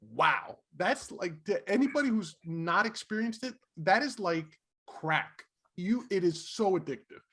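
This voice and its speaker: A middle-aged man co-hosting a podcast, telling stories in a casual, animated way and laughing often. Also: high voice, a little slow, breathy edge. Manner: animated, laughing, acts out quotes. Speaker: podcast co-host. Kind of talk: casual storytelling chat.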